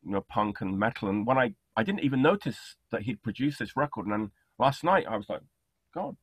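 A man hosts a casual interview over a video call, his voice low and a little husky. He chats eagerly, filling gaps with quick agreement. The sound is dry and close. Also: animated, no echo. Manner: enthusiastic, chatty, many fillers. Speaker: podcast host.

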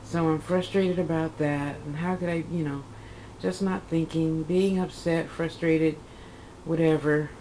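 Chatty low-voiced woman in her fifties. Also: fairly even intonation, measured pace, dark tone, slight background noise, low-quality recording. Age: 50s. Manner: rambling, chatty, self-correcting, acts out her own quotes. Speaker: vlogger. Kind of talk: casual personal vlog storytelling.

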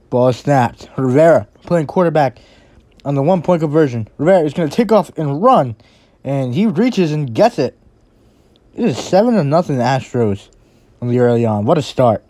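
Excitable play-by-play commentator, lively pitch. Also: moderate pace, pauses often, dry recording. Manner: calm calls rising to excited shouts on big plays. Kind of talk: live game commentary.

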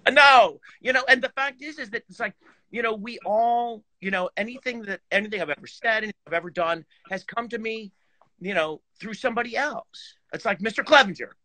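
A man on a video call chatting casually, animated and swearing, with lots of fillers. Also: high voice, a little fast, dry recording. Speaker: guest horn player.

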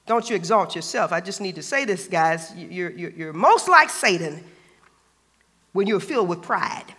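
A pastor delivers his sermon in a bright, sharp voice that swings widely up and down in pitch. He talks in an emphatic, colloquial way and hammers each point through repetition. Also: lively intonation, normal speed, long reverb tail. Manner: emphatic, colloquial, repeats phrases for stress. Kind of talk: preaching a sermon.

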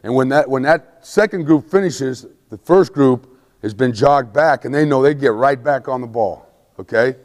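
A man giving a football coaching clinic lecture, emphatic, forever checking in with his listeners and acting out shouted play calls. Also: medium pitch, normal speed, long reverb tail.

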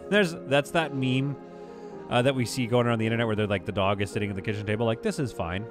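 A man streaming a game live, giving exasperated, self-mocking play-by-play commentary with sudden outbursts. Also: lowish voice.

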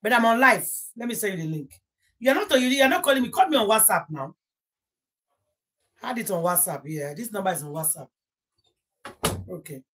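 Husky-voiced young Nigerian woman, gossip livestream host, rambling and heartfelt. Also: medium pitch, sing-song, normal speed, long pauses. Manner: rambling, emotional, mixing Pidgin into English. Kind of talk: casual live-stream chat.

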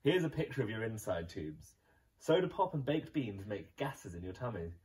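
A male teacher voicing a sensible dog doctor who patiently explains and gently scolds, in a storybook reading. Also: on the low side, sing-song, normal speed, recorded from a distance. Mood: explaining.

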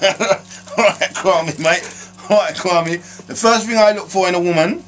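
A man with a London accent hosting a comic advice show, answering viewer letters in slangy, animated streetwise patter. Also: high-pitched, measured pace, faint music behind. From South London. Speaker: host answering viewer questions.

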